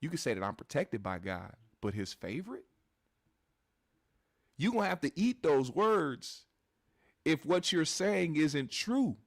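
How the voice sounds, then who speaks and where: A man's voice: on the high side, big pitch swings, measured pace, pauses often, no echo, studio quality. A man hosting a commentary show, talking bluntly and with plenty of profanity straight to his live chat audience.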